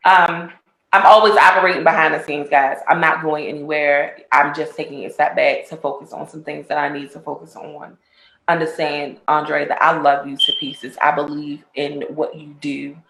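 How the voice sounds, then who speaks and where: A woman's voice: sits low, fairly even intonation, moderate pace, vocal fry, fairly bright tone, roomy sound. A woman co-host giving an affectionate farewell speech, laughing between lines. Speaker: talk show co-host.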